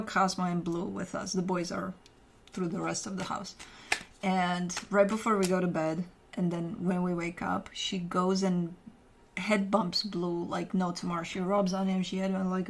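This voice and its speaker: A woman's voice: fairly low pitch, slight background noise. Chatty woman giving a tarot reading. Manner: rambling, filler-heavy, chatty. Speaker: tarot reader. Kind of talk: casual tarot reading to camera.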